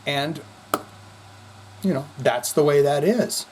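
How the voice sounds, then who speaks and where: A man's voice: fairly high pitch, slow pace, a little mellow, slight background noise. A man hosting a casual vlog, talking in a rambling, profane and goofy way. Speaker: host.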